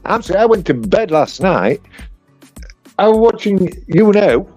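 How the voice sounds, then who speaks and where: Halting northern English man commenting. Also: high voice, very animated, darkish tone, faint music behind. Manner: halting, repeats himself, earnest. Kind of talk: casual livestream commentary.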